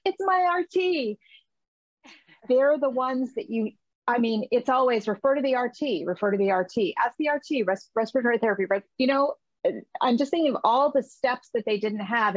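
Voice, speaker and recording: A woman's voice: medium pitch, no echo, lo-fi sound. A woman host, herself a former nurse, chatting sympathetically and reminiscing. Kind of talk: casual conversation.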